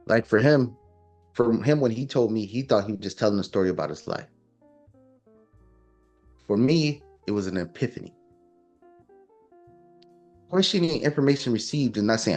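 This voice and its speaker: A man's voice: lowish voice, lively intonation, a little slow, long pauses, darkish tone, faint music behind. A man talking casually and emphatically, lecturing with rhetorical questions. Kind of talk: casual opinion talk.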